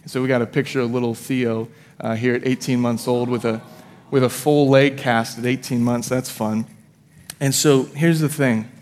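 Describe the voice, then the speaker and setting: A thirtysomething pastor tells a personal story during his sermon in a church sanctuary, keeping it conversational and poking fun at himself. He has a medium-pitched, darkish voice with fairly even intonation and normal pacing, and long hall reverb fills the recording.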